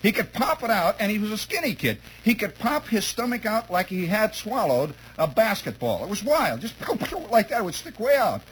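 A chuckling, animated male storyteller. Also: high voice, a little fast, hardly any pauses, breathy edge, rough recording. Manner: chuckling, lively, acts out scenes. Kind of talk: humorous storytelling to listeners.

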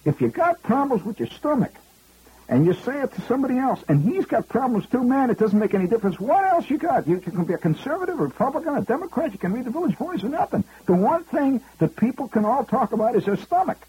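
Brief: man voicing a tipsy executive, Bronx accent, squeaky high husky voice, blurts and stammers, swings wildly in tone. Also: fast talker, muffled recording, full character voice. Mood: tipsy, excited. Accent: New York (Bronx). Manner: blurting, excitable, repeats himself. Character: tipsy middle-aged male executive, loose-tongued.

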